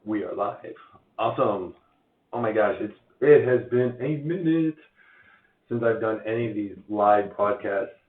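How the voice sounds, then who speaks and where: A man with a hoarse voice from losing it, giving a chatty live-stream update on mortgage rates, full of uhs and restarts. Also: lowish voice, a little slow. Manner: chatty, filler-heavy, many uhs and restarts. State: hoarse, lost voice. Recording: tinny phone-like sound in an echoey room.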